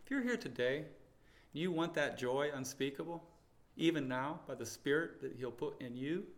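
A man preaching a sermon, telling stories and swinging between loud proclaiming and hushed pleading. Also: a little high, animated, moderate pace. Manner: storytelling with quoted dialogue.

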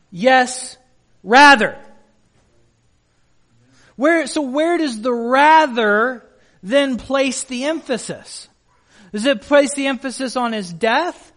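A man's voice: very high-pitched, a bit bright. A male pastor preaching a sermon in an emphatic way, putting questions to the congregation.

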